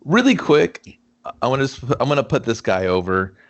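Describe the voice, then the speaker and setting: A man's voice: medium pitch, sing-song, normal speed. A man co-hosting a podcast, giving rambling, profane opinions about a film, full of 'like' and restarts. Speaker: podcast co-host. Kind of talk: casual movie review chat.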